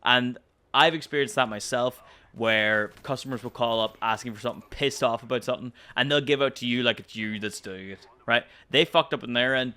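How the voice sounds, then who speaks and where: Exasperated Irish guy ranting, bright voice. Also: mid-range voice, brisk, clear, resonant tone. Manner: exasperated, profane, rhetorical "right?". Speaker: commentary YouTuber. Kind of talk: ranting storytime commentary.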